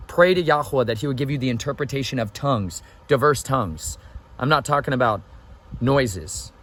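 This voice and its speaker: A man vlogging outdoors in a preachy, excitable way, exclaiming at the scenery and slipping into sermon-like asides. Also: mid-range voice, rough recording. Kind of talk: preachy outdoor travel vlog.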